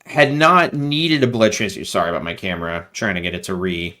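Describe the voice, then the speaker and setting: Low-voiced man chatting as guest. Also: fast. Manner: animated, rambling with frequent fillers and laughs. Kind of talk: casual conversational interview.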